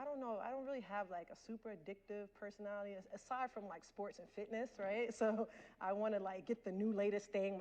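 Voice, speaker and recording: A woman's voice: medium pitch, darkish tone, a little hiss or hum, poor audio. A woman in her forties giving a candid personal storytelling talk as a guest lecturer, speaking straight to the audience. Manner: candid, addresses the audience directly. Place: lecture hall.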